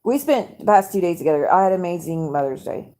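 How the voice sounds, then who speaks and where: A woman's voice: lowish voice, lively intonation, fast talker, mellow. A woman, hosting a casual live stream at home at night. She vents in an angry, profane, rambling way to her viewers.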